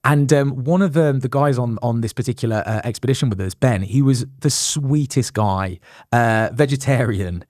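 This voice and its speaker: A man's voice: medium pitch, brisk, hardly any pauses, a little mellow, no room sound, studio quality. A young man, a guest on a podcast, telling a long anecdote with laughs and apologetic asides. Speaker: guest, endurance athlete. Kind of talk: animated storytelling in a podcast interview.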